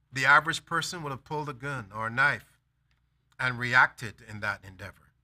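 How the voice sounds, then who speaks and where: Bright-voiced male preacher telling a story. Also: medium pitch. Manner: storytelling, acts out dialogue, emphatic declarations. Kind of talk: sermon with personal anecdote.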